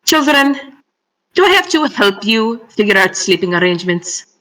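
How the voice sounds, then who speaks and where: A hoarse woman voicing a calm, unbothered female cat-folk bard who speaks in a dry, matter-of-fact way. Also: a little high, drawn-out words, recorded from a distance, pitched above the performer's own voice, heavily acted, rough recording.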